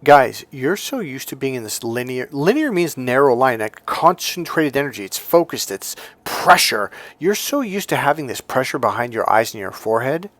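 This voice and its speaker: A man's voice: mid-range voice, big pitch swings, moderate pace, hardly any pauses, fairly bright tone, no room sound. A middle-aged man teaching as a dating coach, blunt and profane, acting out stories as he talks. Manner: blunt, profane, storytelling with acted-out voices. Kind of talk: instructional monologue.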